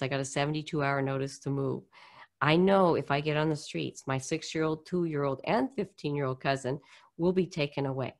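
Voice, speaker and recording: A middle-aged woman from the United States, telling her story in an interview and acting out the voices of people she quotes. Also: sits low. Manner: animated, acts out quoted voices. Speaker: guest speaker on poverty.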